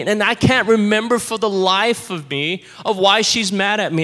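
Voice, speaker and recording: A man preaching a sermon as pastor, conversational and animated, sometimes dropping to a hush. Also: sits high. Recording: reverberant hall.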